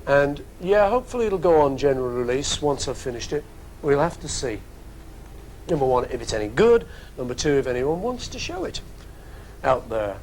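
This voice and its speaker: A man's voice: mid-range voice, sing-song, moderate pace, darkish tone, slight background noise. A man hosting a music program from a studio, answering listener questions in a rambling, jokey, casual way. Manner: rambling and jokey, with playful asides. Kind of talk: casual chat.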